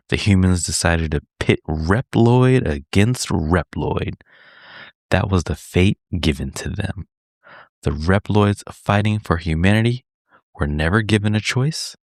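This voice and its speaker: A man hosts a gaming podcast, his voice sitting very low. He laughs easily and sometimes slows into a deliberate storytelling delivery. The sound is close and dry, with no room echo. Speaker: podcast host. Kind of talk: casual podcast chat with dramatic read-aloud.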